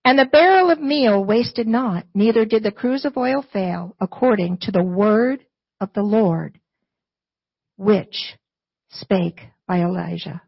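A woman's voice: mid-range voice, slow, gravelly, slightly rough, no echo, lo-fi sound. A woman preaching and reading scripture to her church, earnest and emphatic and repeating key phrases. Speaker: church speaker, not the pastor.

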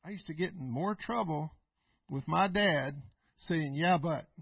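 A middle-aged male pastor preaching a folksy sermon, laughing often and swinging between loud and quiet. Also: fairly high pitch, unhurried, creaky, breathy edge, dry recording, muffled recording.

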